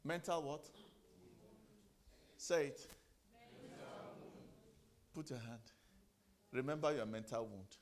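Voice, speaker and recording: Pausing often and taking his time, a middle-aged motivational speaker with a medium-pitched voice gives a sermon. He asks rhetorical questions, repeats phrases and tells the audience what to do.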